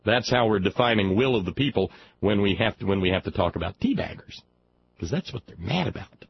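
A man from Alabama hosts a talk radio show, reading a news story aloud and breaking off into mocking, sarcastic asides as sardonic commentary. His gravelly voice is fairly low, animated and a little fast. The highs are cut off, with slight background noise.

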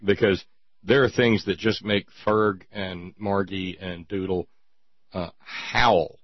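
A man's voice: low-pitched, fairly even intonation, slow pace, dry recording. An older man hosting a radio talk show, with a dry, wry and thoughtful manner. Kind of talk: casual radio chat. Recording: dull dry radio audio.

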